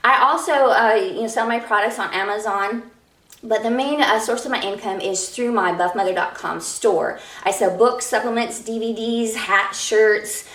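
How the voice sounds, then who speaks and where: Upbeat woman with a Minnesota accent, fitness business owner pitching herself, recorded off-mic in a roomy space. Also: moderate pace, a bit bright. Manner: upbeat, self-promoting. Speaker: fitness entrepreneur. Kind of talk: casual self-introduction to camera. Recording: roomy, from a distance.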